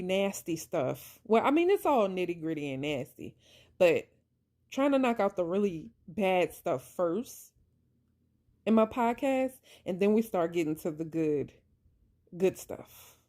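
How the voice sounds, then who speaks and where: A woman with a medium-pitched, dark, expressive voice speaks unhurriedly, passionately recounting her faith and how she survived abuse. A vlogger telling her own story, she preaches, repeats points for emphasis, and calls her listeners "y'all." It's a heartfelt faith-based monologue, and her voice is wearing thin as she nears tears.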